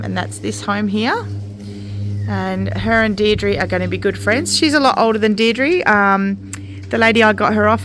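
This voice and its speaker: A medium-pitched Australian woman, a homesteader vlogger, films a casual farm vlog in an outdoor milking shed. She explains her work to viewers and coos soothing praise to a cow.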